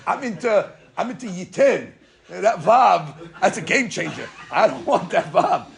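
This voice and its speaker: A whining, insincere grown brother from a biblical tale stammers out his excuses in a fairly high voice with a gravelly edge, as a man puts him on in a Torah class. He sounds evasive and petulant. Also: animated, unhurried, heavily acted. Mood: whiny. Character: whiny insincere adult male brother, a biblical hunter.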